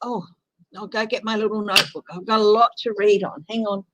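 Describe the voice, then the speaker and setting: A tired woman with an Australian accent, chatting slowly and sighing as she greets viewers of her tarot livestream. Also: mid-range voice, steady tone, noisy background. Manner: slow, tired, chatty, sighing between remarks. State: tired from lack of sleep. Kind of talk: casual chat with live viewers.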